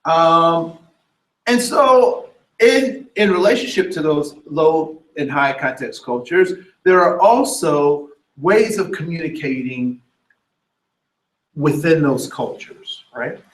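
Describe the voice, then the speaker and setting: Animated male trainer in echoey room. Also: a little high, slow pace, far from the mic. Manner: animated, asks the room questions, acts out quotes. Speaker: diversity trainer. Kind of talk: workshop lecture.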